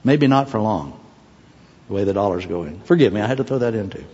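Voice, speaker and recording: A man preaching a sermon in an animated way, with joking asides and digressions. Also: on the low side, a little fast, slight background noise. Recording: dull sound with long hall reverb.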